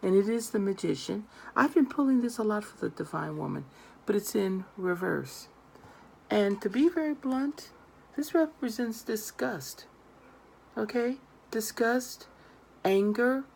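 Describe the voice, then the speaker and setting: A woman's voice: medium pitch, expressive, a little slow, creaky, a little mellow, a little hiss or hum. A woman tarot reader giving earnest, emphatic advice straight to her viewers. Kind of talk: direct-to-camera advice monologue.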